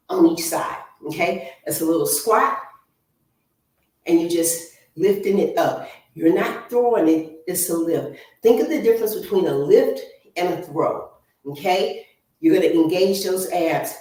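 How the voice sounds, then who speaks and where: Lady fitness instructor counting down reps, slow and encouraging, sounds far from the mic in a really echoey room. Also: mid-range voice, darkish tone. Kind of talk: guided workout instruction. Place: home exercise room.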